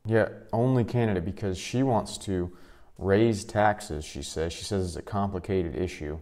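A man's voice: low-pitched, a little mellow. A man giving blunt, scornful reaction commentary on a clip. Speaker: commentary vlogger.

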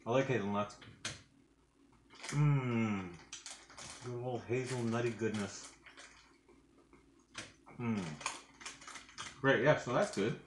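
A man's voice: medium pitch, roomy sound, slight background noise. A man doing a casual food review vlog at home, rambling and hesitant, with lots of fillers, talking while he eats. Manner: talks while eating. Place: home kitchen.

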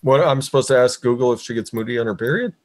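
A man's voice: mid-range voice, fast, no echo. Wry hesitant man in casual chat.

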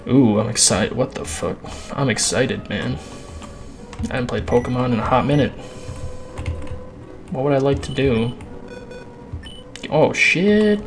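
Profane, sighing let's play host. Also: male voice, medium pitch, steady tone, normal speed, long pauses. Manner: profane, crass, sighing often. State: out of breath. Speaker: gaming channel host. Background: game music.

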